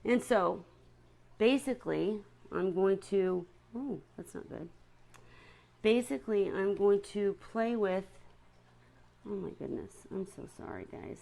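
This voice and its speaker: A woman's voice: medium pitch, lively intonation, measured pace, creaky, mellow. A woman chatting casually to viewers on a live stream about her seahorses, often stopping to apologize.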